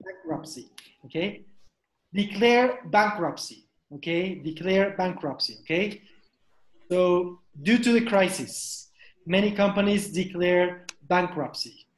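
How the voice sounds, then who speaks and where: A man's voice: high voice, slow pace, echoey room. A man teaching an online English class, repeating questions and drilling pronunciation over a video call.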